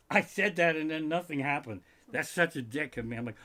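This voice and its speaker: A man doing a live-streamed comedic rant from his living room, profane and animated with sudden outbursts. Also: on the high side, a little fast. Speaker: comedian host.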